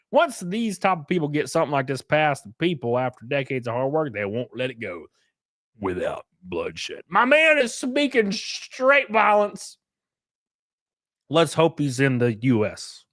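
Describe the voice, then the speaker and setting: A man's voice: fairly high pitch, no room sound, studio quality. A young man hosting a livestream, ranting crudely and mockingly in casual commentary. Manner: crude, mocking, animated rants with laughs. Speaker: streamer host.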